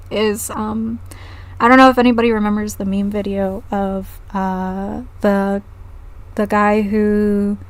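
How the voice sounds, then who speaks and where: A woman's voice: medium pitch, clean tone. A woman streamer chatting casually on a live stream, giggling often and swearing freely.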